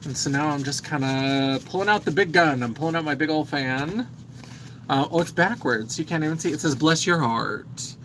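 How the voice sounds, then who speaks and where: Man, thirties, casual livestream chat, bright forceful voice, faint background hum. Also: a little high, a little fast, low-quality recording. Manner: chatty, reads viewer comments aloud. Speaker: makeup livestream host. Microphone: phone.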